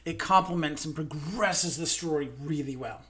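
Earnest co-host, casual chat, mid-pitched voice, frequent restarts. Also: normal speed, fairly bright tone. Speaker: podcast co-host. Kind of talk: casual discussion.

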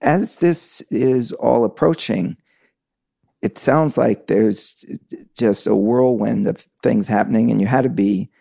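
Host: man, gravelly and mellow, asks reflective questions, dry studio sound. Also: mid-range voice, slow, no room sound. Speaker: interviewer. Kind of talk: interview questions.

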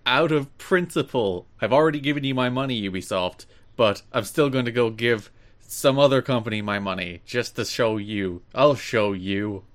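A man's voice: medium pitch, moderate pace. A young man hosting a podcast in casual chat, dry and teasing. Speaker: podcast host.

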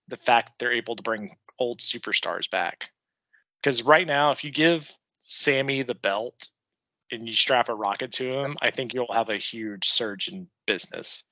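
A man's voice: medium pitch, normal speed, sharp tone, no echo, lo-fi sound. A young man co-hosting a casual podcast, opinionated and profane, often chuckling. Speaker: podcast co-host.

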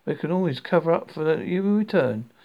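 A man reading aloud plays a coolly persuasive schemer who lays out his reasoning patiently, a touch higher than the narration. The voice has a gravelly edge throughout. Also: expressive, brisk, dull audio. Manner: patient, smoothly reasonable, slightly raised pitch. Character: calm, persuasive man talking his way round an official.

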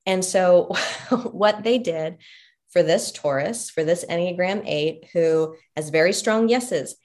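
Podcast guest, woman, lowish voice, chatty storyteller, laughs easily. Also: slow pace. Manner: warm storytelling with frequent laughs and "like" fillers. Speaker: podcast guest, relationship coach. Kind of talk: casual conversational podcast talk.

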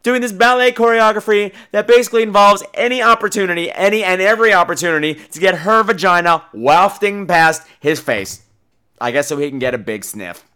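A man's voice: high-pitched, fairly quick, pushed and bright, smooth. A man hosting a podcast, ranting in a comic, profane way and acting out quotes in exaggerated voices, with a New York accent. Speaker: podcast host. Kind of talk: comedic podcast rant.

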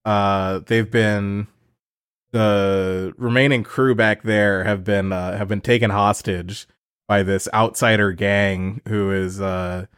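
A man's voice: fairly low pitch, fairly even intonation, takes it slowly, fairly bright tone, smooth, dry recording, clean studio sound. A man co-hosting a podcast, casually recapping a film, laughing often as he retells scenes. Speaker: podcast co-host.

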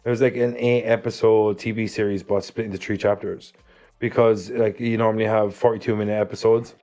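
A man's voice: lowish voice, little pitch movement, warm tone. An Irish man co-hosting a casual podcast chat, talking in an easygoing way with lots of "like" fillers. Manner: quick and easygoing, with many "like" fillers. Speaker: podcast co-host.

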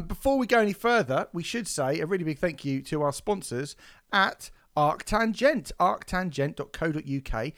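Animated man hosting a podcast. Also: on the high side. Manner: animated, swearing, mock-outraged storytelling. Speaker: podcast host. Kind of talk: casual podcast chat.

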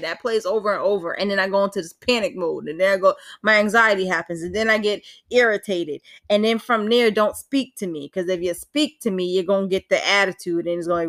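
A woman's voice: mid-range voice, a little fast. A woman hosting her own podcast, talking casually and candidly with frequent laughs and the odd swear word. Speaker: podcast host. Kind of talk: casual solo podcast talk. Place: indoors at home with rain outside.

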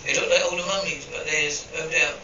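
A man's voice: a little high, fairly even intonation, fairly quick, noisy background. A man reading an episode script aloud, stage directions included, in an uneven, plain delivery. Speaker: script reader. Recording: distant, roomy and dull.

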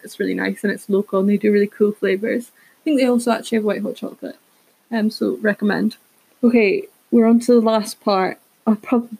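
A woman's voice: medium pitch, creaky, a little mellow, slightly rough, poor audio. A woman hosting a casual solo podcast, rambling through tangents and correcting herself as she goes. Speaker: podcast host.

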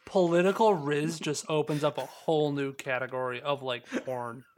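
A man's voice: on the high side, steady tone, moderate pace. A man co-hosting a podcast, reading reviews and doing goofy mock-news bits. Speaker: podcast co-host. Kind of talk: casual banter, reading reviews.

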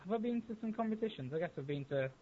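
A man's voice: high-pitched, lively intonation, racing, slightly rough. A man of about twenty from Leeds, a podcast guest giving short, dry, laid-back answers. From Leeds, England. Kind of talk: casual chat. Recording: thin phone-like call audio.

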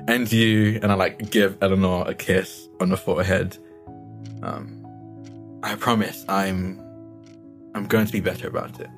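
Low-voiced man rambling through a tabletop turn. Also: flat delivery, measured pace, pauses often, soft background music. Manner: rambling with many fillers and likes. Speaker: player. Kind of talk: playing a tabletop game.

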